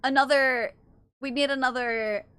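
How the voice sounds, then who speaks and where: A young adult woman streaming live, chatting casually with her chat. She teases and swears and reacts quickly to what chat says. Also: high-pitched, fairly even intonation, fairly bright tone, clean tone, dry recording. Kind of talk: casual livestream chat, reading and answering chat.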